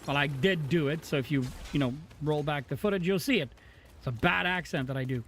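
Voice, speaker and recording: A man streaming a video game, chatting casually with excitable, rambling asides. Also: a little high, fairly quick, slight background noise. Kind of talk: casual gaming stream chat.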